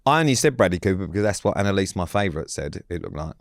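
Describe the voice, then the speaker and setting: A man's voice: low voice, very animated, racing, no room sound. A middle-aged man co-hosting a podcast in casual chat, blunt, dry and sweary. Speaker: podcast co-host.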